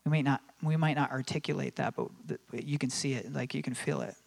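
A man's voice: medium pitch, steady tone, brisk, vocal fry. A man preaching a sermon in a conversational way, with many fillers and restarts, acting out quoted voices with animation.

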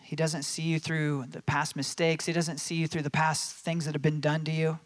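A man's voice: fairly high pitch, level tone, normal speed. A man preaching a sermon in a conversational way, with many fillers and restarts, acting out quoted voices with animation.

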